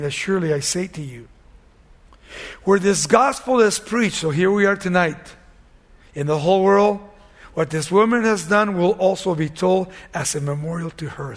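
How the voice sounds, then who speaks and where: High-voiced man preaching in a reverberant hall. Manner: reads scripture aloud and paraphrases it in casual speech. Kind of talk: sermon.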